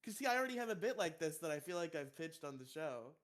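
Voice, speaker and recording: Man, podcast co-host, casual chat, slightly higher pitch, stammering, laughs a lot. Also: sing-song, fast talker, a bit bright. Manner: stammering, laughs often, jokey.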